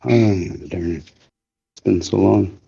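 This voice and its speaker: A man hosting a livestream while sharpening knives, talking in an easygoing, halting way. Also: low-pitched, little pitch movement, creaky, mellow, slightly rough, dull audio. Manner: easygoing, halting, many fillers. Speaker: knife sharpener and stream host. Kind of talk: casual livestream chat.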